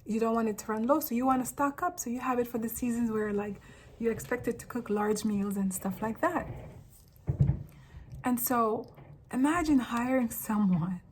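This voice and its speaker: A woman from Africa talking straight to camera in a casual, animated monologue, full of rambling asides. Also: fairly high pitch, moderate pace, a little hiss or hum, poor audio. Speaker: vlogger.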